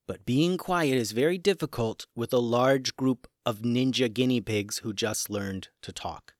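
A man narrating a children's adventure story, shifting expressively between hushed suspense and excitement. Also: medium pitch, dry recording, studio quality.

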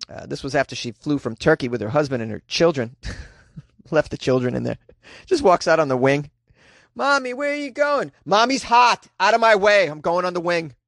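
A man hosting comedic news commentary, sarcastic and animated, laughing often and jumping into a high squeaky voice for quips. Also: no room sound. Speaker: host.

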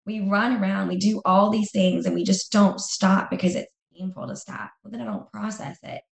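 Gravelly, emphatic woman guest. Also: medium pitch, level tone, moderate pace, echoey room. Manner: emphatic, repeats phrases for effect. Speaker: interview guest. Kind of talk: candid podcast conversation.

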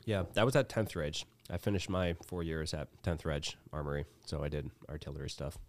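A man, telling a story as a guest in a casual chat, animated and swearing freely as he acts out the dialogue. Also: very deep voice, brisk. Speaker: podcast guest.

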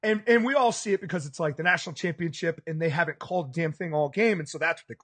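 High-voiced man telling an animated story. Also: fast talker. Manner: animated storyteller, acts out bar crowd reactions. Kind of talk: casual sports podcast chat.

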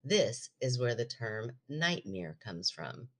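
A woman's voice: extremely low pitch, very animated, takes it slowly, fairly bright tone. A woman co-hosting a podcast in casual chat, playfully teasing and reading aloud from a book. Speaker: podcast co-host.

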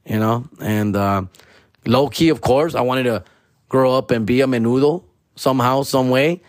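A man's voice: medium pitch, normal speed, no room sound, studio quality. A man, a comedian host riffing in a profane, slangy monologue and ending lines with "fool" and "dog". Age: 40s.

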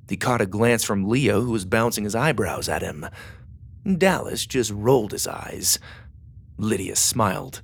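A man narrating a children's space adventure audiobook in an expressive, animated way. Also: lowish voice, a little slow, creaky, breathy edge. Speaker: storyteller.

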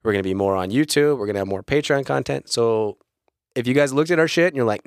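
A young man co-hosting a casual podcast, joking around and swearing in quick asides. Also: medium pitch, clean tone, no echo, studio quality. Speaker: podcast co-host.

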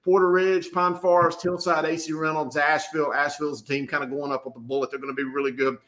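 Energetic bright-voiced football analyst man. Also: fairly high pitch, fast talker. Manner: energetic, rattles off team names. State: out of breath. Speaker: high school football analyst. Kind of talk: excited sports talk.

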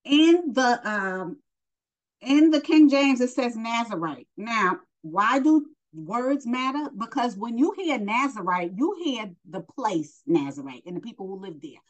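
A New York woman teaches a Bible lesson, reading verses and then retelling them in blunt everyday slang, posing questions to the listener and answering them herself. Her voice is a little high and a bit slow, with big pitch swings, on a low-quality recording.

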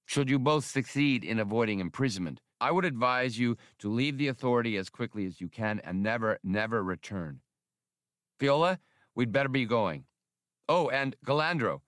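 Courteous alien official with a tail, formal and a touch higher, read by a male narrator. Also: lively intonation, normal speed, a bit bright, dry recording, clean studio sound. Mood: urging. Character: polite alien male territorial manager with tail.

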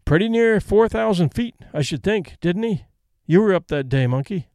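A man voices a cheerful young airman who speaks in a breezy, polite way, pitched above the performer's own voice. The voice sits high with lively intonation, normal speed and a slightly mellow quality, recorded dry with clean studio sound.

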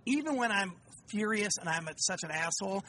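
A man's voice: sits high, expressive, a little fast, sharp tone, slight background noise. A man in his forties, a guest author, telling candid stories about fatherhood in casual conversation, with frequent swearing. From United States.

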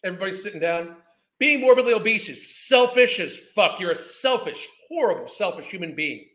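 A man's voice: high-pitched, expressive, brisk, a bit bright. A man, ranting in a heated, profane, scornful way as a podcast host. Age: 50s. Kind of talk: ranting commentary.

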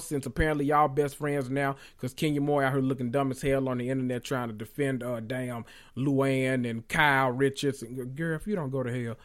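A man hosting a podcast, recapping reality TV in a loud, profane, animated way with sudden high squeals. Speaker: podcast host.

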